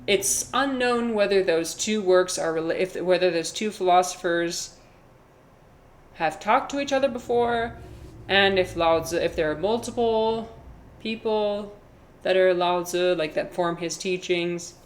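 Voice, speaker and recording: Chatty woman streamer, slightly low voice. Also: measured pace, a little hiss or hum. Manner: rambling, chatty, reading chat and answering. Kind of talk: casual livestream chat while gaming.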